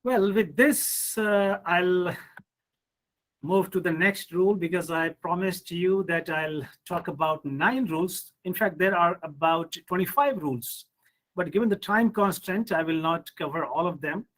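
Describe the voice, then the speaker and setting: Indian English male professor, high voice, unhurried lecture with rhetorical questions. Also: fairly bright tone, poor audio. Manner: explains step by step, asks rhetorical questions, says hmm. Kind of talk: online pronunciation lecture.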